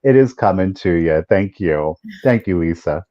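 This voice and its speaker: A man's voice: deep voice, lively intonation, moderate pace, warm tone. A man co-hosting a live vintage sale, joking around and trailing off with fillers as he describes items. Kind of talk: casual live-stream selling. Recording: dull lo-fi stream audio.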